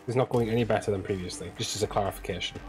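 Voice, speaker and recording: A man's voice: fairly low pitch, fairly even intonation, racing. A man doing let's play commentary, joking and self-mocking and swearing freely as he plays. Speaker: gaming streamer. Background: game music.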